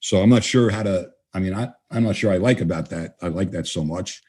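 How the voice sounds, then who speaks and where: Husky, low-voiced man telling stories. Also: a little fast. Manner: animated, acts out both sides of dialogues. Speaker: guest trainer. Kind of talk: storytelling interview answers.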